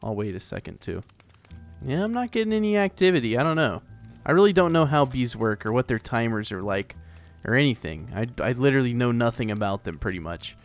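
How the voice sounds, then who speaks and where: A man's voice: medium pitch, sing-song, fairly quick, faint music behind. A man hosting a let's play, chatting casually and rambling as he plays, often talking to the animals in the game. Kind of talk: casual gameplay commentary.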